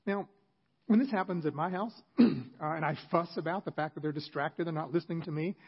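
A man's voice: on the high side, a little fast, breathy edge, dull audio. A middle-aged man, a pastor, giving an earnest, conversational sermon with self-deprecating asides.

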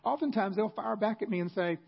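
A man's voice: high-pitched, fairly quick, gravelly, breathy edge, highs cut off. A middle-aged man, a pastor, giving an earnest, conversational sermon with self-deprecating asides.

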